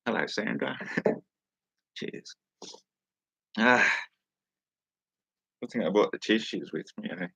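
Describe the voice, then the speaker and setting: Australian male host, low and husky, unhurried, casual livestream chat and read-aloud, dry sound. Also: expressive, pushed and bright, no room sound, rough recording. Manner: laid-back, chuckling, unhurried. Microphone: studio microphone.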